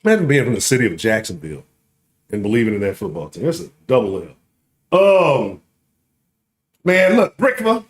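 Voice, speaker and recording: A man's voice: medium pitch, sing-song, moderate pace, pauses often. A man in his late thirties hosting a casual sports talk livestream, full of profane trash talk and always checking in with "right?". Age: late 30s. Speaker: sports talk show host.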